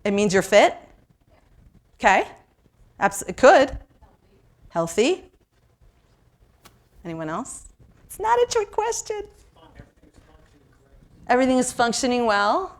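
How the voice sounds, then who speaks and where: A woman from New York leading an interactive seminar, talking lively and asking the audience questions. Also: fairly high pitch, slow, long pauses. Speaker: workshop presenter.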